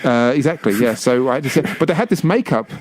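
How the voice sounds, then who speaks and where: A man's voice: medium pitch, expressive, brisk. A man co-hosting a radio show, telling rambling, self-mocking anecdotes with lots of restarts. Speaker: radio co-host. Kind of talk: casual on-air chat. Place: radio studio. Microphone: studio microphone.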